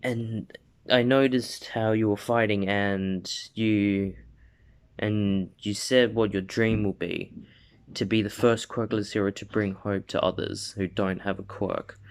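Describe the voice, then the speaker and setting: A man voicing a loving, worried mother in a casually retold fan story, raising his voice high. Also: slow pace, gravelly, clear, resonant tone. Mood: tender. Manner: high excited put-on voice.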